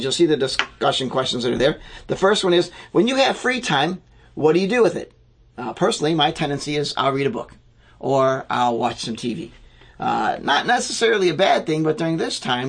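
Man, pastor, sermon, husky, slightly high voice, reflective. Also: a bit bright. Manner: reflective, slow, with fillers.

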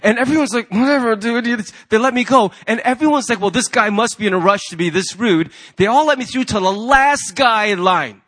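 Man, pastor, high voice, sermon, animated storytelling. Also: fairly quick, few pauses. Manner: animated storyteller, acts out the people in his anecdotes.

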